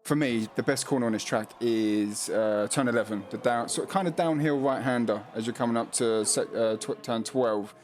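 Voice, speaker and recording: A man's voice: medium pitch, moderate pace, few pauses, darkish tone, soft background music. A man commentating a sim race on his stream. He reads out chat messages and laughs often, and he does not pronounce his R's properly. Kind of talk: casual sim racing commentary.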